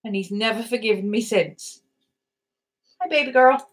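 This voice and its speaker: In a fairly high voice at a moderate pace, a woman on a home vlog chats casually and affectionately about her rescue dogs. Indoors at home, she tells their story and uses baby-talk with them.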